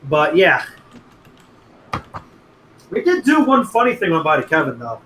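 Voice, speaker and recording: A young man on a casual podcast, telling crude stories with animated energy. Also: on the high side, a little slow. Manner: animated storytelling, crude jokes, voices friends. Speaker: podcast regular telling a story. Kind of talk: casual chat. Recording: echoey room with faint noise.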